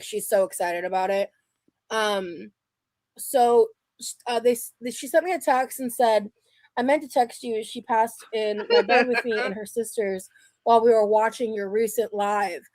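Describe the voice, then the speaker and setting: A woman's voice: fairly high pitch, dry recording. A young adult woman streaming live, chatting casually and rambling with restarts and fillers.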